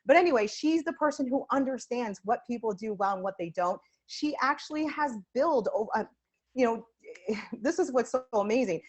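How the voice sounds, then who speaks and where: A woman's voice: fairly high pitch, lively intonation, moderate pace, breathy edge. A woman hosting a webinar interview, effusive and upbeat as she introduces and praises her guest. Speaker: webinar host.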